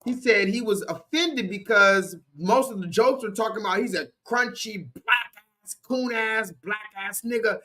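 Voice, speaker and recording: A man's voice: high-pitched, measured pace, few pauses, sharp tone. A man hosting a livestream, chatting casually and talking straight to his viewers. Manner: chatty, addresses the viewers directly. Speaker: livestream host.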